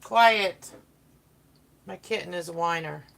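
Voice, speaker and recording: A woman's voice: lowish voice, slow pace, vocal fry, fairly bright tone. A woman hosting a casual baking livestream, chatting and rambling to her viewers and her kitten in a home kitchen. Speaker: livestream host. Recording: noisy background.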